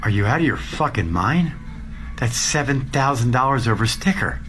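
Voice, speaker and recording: A man's voice: medium pitch, very animated, normal speed, a bit bright, soft background music. A man voicing an impatient, suspicious adult male car buyer in a comedy skit clip, blunt and swearing. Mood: exasperated.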